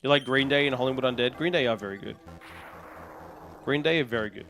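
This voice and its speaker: A man's voice: medium pitch, fast, fairly bright tone. Australian male streamer, easygoing and rambling, chats to viewers over faint game music. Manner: rambling, reads out and answers viewer messages. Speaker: livestreamer. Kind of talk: casual chat with live chat readers.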